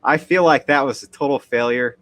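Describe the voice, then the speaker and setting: A man's voice: medium pitch, brisk, a bit bright, no room sound. A man hosting a livestream debate, brash and crude. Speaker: debate host.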